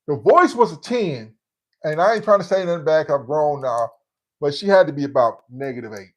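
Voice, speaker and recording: A man's voice: fairly high pitch, a little fast. A man in his fifties hosting a livestream, telling a story casually and acting out the voices of the people in it. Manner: animated storyteller who acts out quotes. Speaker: livestream host.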